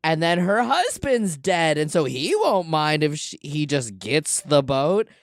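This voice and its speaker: Slow, animated podcast guest ranting. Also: mid-range voice, no room sound, studio quality. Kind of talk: casual chat.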